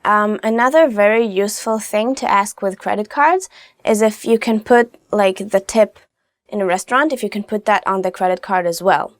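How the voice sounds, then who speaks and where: A young woman hosting a casual language lesson, chatty and upbeat, slowly modelling phrases. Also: medium pitch, no room sound, studio quality. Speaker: language teacher host.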